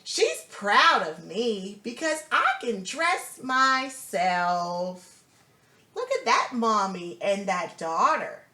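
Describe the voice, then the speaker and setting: A woman reads a picture book aloud to a small child, slow and encouraging, stopping to ask about the pictures. Her bright, fairly high voice swoops up and down in a lively sing-song. The room is echoey. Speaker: storybook reader.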